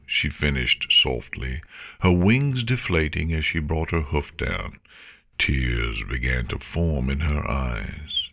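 Male narrator, very low voice, expressive melody, measured storytelling. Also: creaky. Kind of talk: fan fiction reading.

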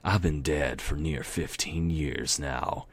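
A man voicing Death, a menacing, mocking undead stallion who taunts in a slow Southern drawl in a storybook reading. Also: extremely low pitch, husky, full character voice. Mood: taunting.

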